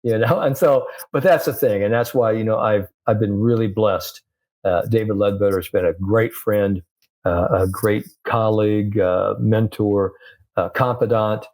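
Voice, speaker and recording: A middle-aged man, a sports psychologist guest, telling stories in a lively, animated way and acting out the dialogue. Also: fairly low pitch, moderate pace. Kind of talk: anecdotal interview storytelling.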